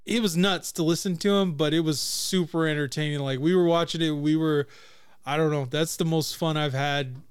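A man co-hosting a casual podcast chat, laughing often and breaking into loud impressions of people. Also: a little high, steady tone, normal speed, clean tone, dry recording, clean studio sound. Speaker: podcast co-host.

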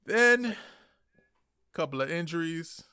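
A man co-hosting a casual podcast, telling a story animatedly and swinging between muttering and excited outbursts. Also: a little high, takes it slowly, clean tone, no echo, studio quality. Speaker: podcast co-host. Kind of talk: casual chat.

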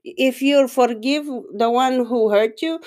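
A woman with a Filipino accent whose first language is Tagalog, chatting casually and emotionally with halting phrasing and frequent laughs. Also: fairly high pitch, a little mellow. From Philippines. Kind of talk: casual chat.

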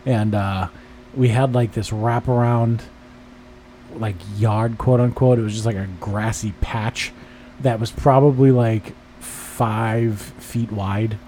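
A man's voice: on the low side, fairly even intonation, slow pace, mellow, a little hiss or hum. A man hosting a podcast, teasing, profane and chatty in casual banter. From Boston area. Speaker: podcast host.

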